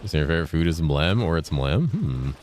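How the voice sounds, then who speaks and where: Fairly quick and animated, a streamer in his thirties answers chat with a bass voice that's a little mellow, over slight background noise. Laid-back, he swears freely while playing and reading chat on a casual gaming livestream, enunciating carefully with a lifted inflection.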